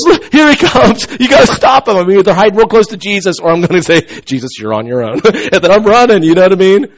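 A man preaching a sermon as pastor, in a conversational, animated storytelling way. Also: high-pitched, highs cut off.

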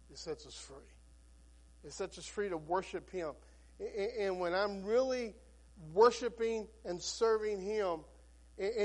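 A man preaching a sermon as a Baptist pastor, folksy and storytelling, with frequent restarts. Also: high-pitched.

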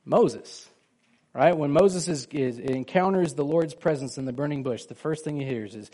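A man delivers a sermon in a mellow, medium-pitched voice at normal speed. He keeps it conversational, questioning the congregation and acting out quoted lines from the people in his story.

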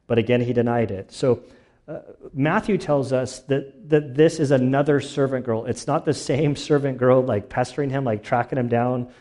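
A man preaching a sermon in a loose, conversational way, full of asides, fillers and restarts. His voice is mellow and relaxed, and his pitch sits in an ordinary middle range for a man. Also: moderate pace. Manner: casual storytelling with many fillers and restarts. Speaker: pastor.

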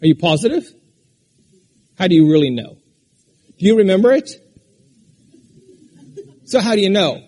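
Husky, high-voiced preaching man. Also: expressive, normal speed, long pauses. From Alaska. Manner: preaching with sudden shouts and drops to a quiet conversational tone. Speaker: pastor. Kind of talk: sermon.

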